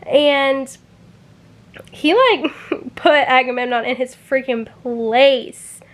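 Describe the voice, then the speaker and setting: In a reading-reaction vlog, a woman who reviews books talks casually in a high voice, taking things slowly. She is chatty and full of "like," openly emotional about the book, and she swears when something upsets her.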